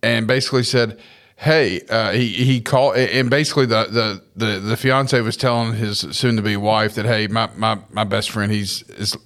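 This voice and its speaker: A man co-hosting a casual talk show, speaking haltingly with many restarts. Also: on the low side, steady tone, a bit bright. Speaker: podcast co-host. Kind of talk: casual chat.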